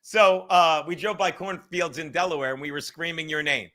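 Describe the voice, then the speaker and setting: A man's voice: on the high side, steady tone, moderate pace, sharp tone. A man hosting a livestream podcast, chatting casually with viewers in a rambling, joking, profane way.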